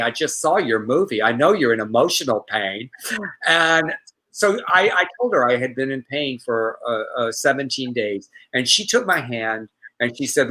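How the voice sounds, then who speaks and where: A middle-aged man co-hosts a casual live show, his voice bright and forward. He rambles through his stories, restarting his sentences as he goes. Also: mid-range voice, poor audio. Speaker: co-host.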